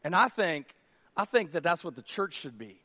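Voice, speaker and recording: Male pastor, high-pitched voice, conversational sermon delivery with hushed lows and shouted highs. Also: sing-song, normal speed. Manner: conversational, drops to a hush for acted dialogue, then rises to near shouts. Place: church auditorium stage.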